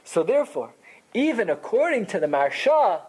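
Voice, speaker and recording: A man leads a Talmud class. His pitch swings widely, leaping up and down as he makes each point. He sounds casual and conversational, mixing in Hebrew and Yiddish terms. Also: big pitch swings, fairly quick, a little mellow, breathy edge, poor audio. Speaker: Torah teacher.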